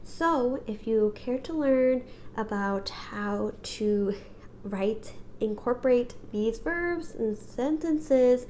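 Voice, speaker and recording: Young woman teacher, casual lesson, slow careful delivery, fairly high voice. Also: animated, a little mellow, slight background noise. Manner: slow, careful, repeats words for practice. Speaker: French teacher.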